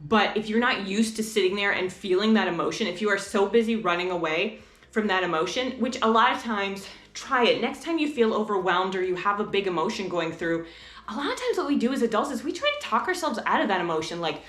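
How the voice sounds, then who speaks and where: A woman's voice: mid-range voice, a little fast, roomy sound. A woman vlogger talking casually to camera in a chatty, rambling way about homeschooling. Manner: chatty, rambling, animated asides.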